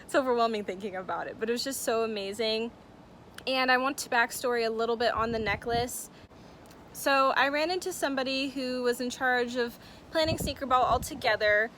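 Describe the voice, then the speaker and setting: A woman's voice: on the high side, a little fast, a bit bright, a little hiss or hum. A young woman telling a personal story-time on her vlog, bubbly and giggly, often saying "like" and "oh my gosh". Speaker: vlogger.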